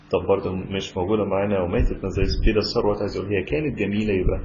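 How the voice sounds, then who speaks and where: A man with a somewhat low voice teaches a grammar lesson at a very fast clip. He rushes through his explanations and then stretches out each model sentence slowly. The recording is dull and lo-fi, with a faint hiss underneath. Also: fairly even intonation. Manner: switches between rapid explanation and slow, drawn-out model sentences. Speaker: English teacher.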